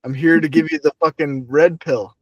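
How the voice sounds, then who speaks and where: A young man hosting a casual chat, excitable, with stammering restarts and swearing. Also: fairly high pitch, moderate pace, no room sound. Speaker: podcast host. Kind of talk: casual banter.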